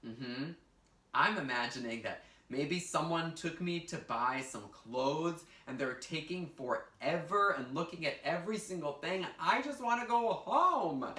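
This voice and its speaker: A male teaching artist runs an online drama class for children, cheering them on and guiding each step. His voice rises and falls in lively sweeps. It sounds echoey and a bit distant from the mic. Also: fairly high pitch, a little slow. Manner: upbeat and encouraging, guiding kids step by step. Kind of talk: virtual drama lesson for children. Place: indoor room, recorded for an online class.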